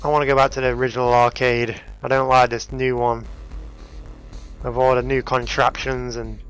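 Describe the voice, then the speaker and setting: A man's voice: medium pitch, level tone, normal speed, a bit bright, clean tone, faint music behind. A man commenting on a puzzle game as he plays, talking to himself and his viewers, often frustrated and exclaiming. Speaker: gaming video host. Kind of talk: let's play commentary.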